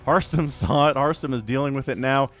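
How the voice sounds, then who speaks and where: A man casting a video game match on his own, with energetic, playful play-by-play commentary. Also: mid-range voice, brisk. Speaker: esports caster. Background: faint background music.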